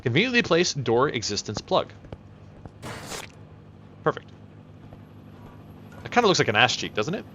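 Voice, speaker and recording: A man streaming a game with casual, rambling commentary, excitable, with restarts and swearing. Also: medium pitch, moderate pace, pauses often, a little hiss or hum. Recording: dull lo-fi dry mic.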